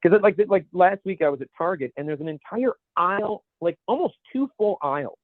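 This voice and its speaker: This co-host's voice is high, brisk and expressive as he rambles through a casual podcast chat, pausing to search for the right words. The audio is dry and narrow, much like a phone line.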